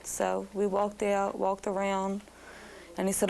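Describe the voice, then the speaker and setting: A young woman with a Baltimore accent recounting being held hostage in a slow, shaken, subdued news interview. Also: medium pitch, level tone, gravelly, darkish tone, rough recording. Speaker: former hostage recounting ordeal.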